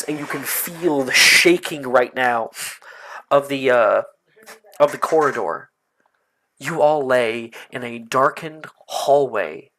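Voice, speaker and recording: A man narrating a tabletop game as game master, slowly and with many hesitations. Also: mid-range voice, bright, forceful tone, slight background noise.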